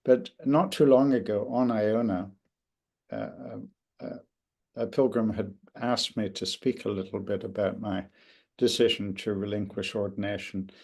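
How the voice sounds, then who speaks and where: An older man giving an interview, speaking reflectively and haltingly, with many restarts and pauses. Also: fairly low pitch, fairly even intonation, darkish tone. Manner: thoughtful, halting with frequent restarts and fillers. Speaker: interview guest, author.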